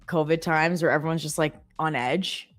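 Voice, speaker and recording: A woman's voice: deep voice, steady tone, normal speed, soft background music. A woman in her thirties, from Canada, telling chatty stories with lots of fillers as co-host of a live trading stream. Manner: chatty storytelling with many fillers. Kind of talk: casual chat.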